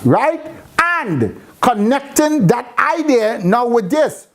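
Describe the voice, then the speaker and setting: A woman's voice: fairly high pitch, sing-song, takes it slowly, slight background noise. A woman teaching a Bible class, repeating phrases and quizzing her students with questions. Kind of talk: interactive scripture class.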